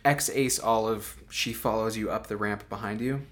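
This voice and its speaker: A man's voice: lowish voice, steady tone, normal speed, a bit bright. A man hosting as game master, narrating loosely with many fillers. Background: background music.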